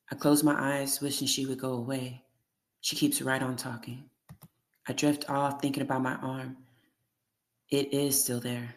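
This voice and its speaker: A steady audiobook reader reading a first-person memoir. The voice stays flat and even, with very little rise or fall. Each line is measured and deliberate. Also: medium pitch.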